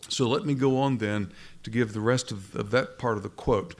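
A pastor preaching a sermon in a conversational way, often restarting phrases and asking rhetorical questions. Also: male voice, on the low side, normal speed.

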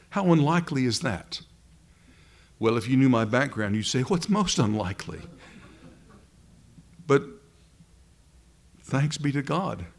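A man's voice: mid-range voice, vocal fry. A man preaching a sermon to a live congregation, earnest and emphatic, drawing out key words for stress.

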